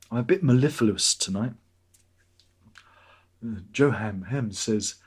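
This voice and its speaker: A man's voice: fairly low pitch, a little slow, vocal fry, long pauses, slightly rough. A man hosting a livestream, rambling sardonically while reading out chat comments. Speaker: livestream host.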